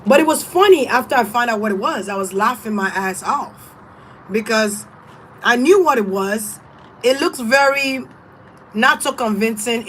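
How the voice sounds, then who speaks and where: Woman tarot reader, casual and blunt, swears freely, slightly high voice. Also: a little hiss or hum, low-quality recording. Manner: blunt, profane, emphatic. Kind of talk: casual spiritual advice.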